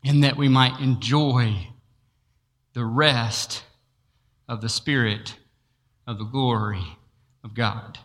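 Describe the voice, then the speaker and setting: A man preaching a sermon, telling a personal story and acting out each exchange with frequent laughter. His voice is bright and forceful. It rings through a large hall with a long echo. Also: mid-range voice, fairly even intonation, slow, pauses often. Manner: storytelling, acts out dialogue, laughs often.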